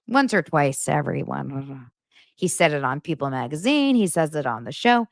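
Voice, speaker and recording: A woman in her thirties hosts a casual recap show, gushing and animated with plenty of fillers. Her voice sits low but swings widely. The sound is close and dry. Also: normal speed, creaky, dry recording. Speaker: podcast host recapping reality TV. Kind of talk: casual chatty commentary.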